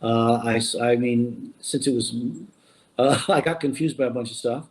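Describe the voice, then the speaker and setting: A man's voice: mid-range voice, moderate pace. A man, a voice actor, talking casually in an interview, often repeating words as he searches for his thoughts. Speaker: voice actor guest.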